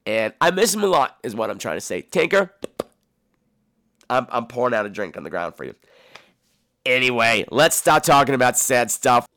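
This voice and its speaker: A man's voice: mid-range voice, normal speed, pauses often, no room sound, studio quality. A man hosting a podcast in a casual monologue, telling stories in a campy, theatrical way and swearing freely. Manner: animated, profane storytelling. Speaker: podcast host.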